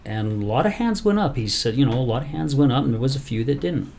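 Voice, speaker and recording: Man telling a story with lively energy. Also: medium pitch, brisk, creaky, hardly any pauses, a little hiss or hum. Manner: animated storyteller, acts out quoted lines. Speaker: podcast host. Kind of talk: casual chat.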